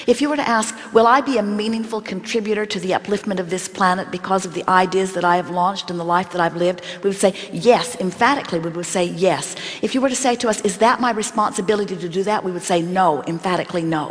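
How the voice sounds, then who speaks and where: A woman giving an inspirational workshop talk, speaking as a collective "we" in a measured, emphatic way. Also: medium pitch, in a large hall. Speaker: channeled spiritual teacher speaking as a collective.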